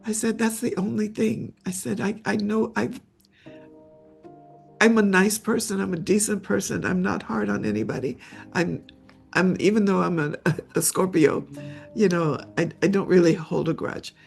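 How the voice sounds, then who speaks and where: With faint music in the background, this older memoir author speaks in a medium-pitched, gravelly, slightly mellow voice. As an interview guest she recounts a personal story haltingly, repeating words as tears come.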